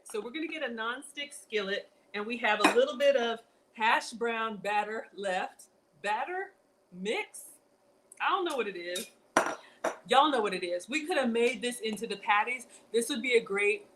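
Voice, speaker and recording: A woman chats her way through a casual cooking stream, addressing her viewers as y'all and getting a little flustered as she works. Her voice sits slightly high. A faint hiss runs under the recording. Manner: chatty, talks to viewers as y'all; flustered, keeps telling herself to focus. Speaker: cooking show host.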